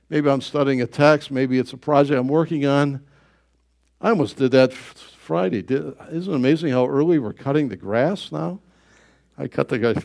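A man's voice: on the high side, vocal fry. A middle-aged male pastor preaching a sermon in a folksy storytelling way, acting out his own thoughts in quoted asides.

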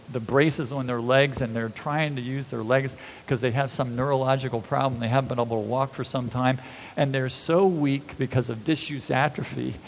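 A man preaching a sermon, retelling the scenes with animated storytelling and acting out the people in them. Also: medium pitch, gravelly, slight background noise, rough recording.

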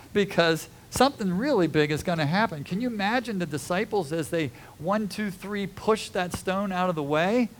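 A man's voice: on the high side, a little hiss or hum. Man preaching a dramatic sermon. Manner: dramatic preaching, swings from hushed to shouting. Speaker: pastor.

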